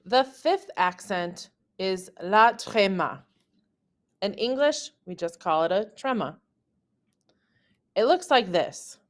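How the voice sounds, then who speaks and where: A woman French teacher narrating a scripted lesson, saying example words slowly and carefully. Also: medium pitch, lively intonation.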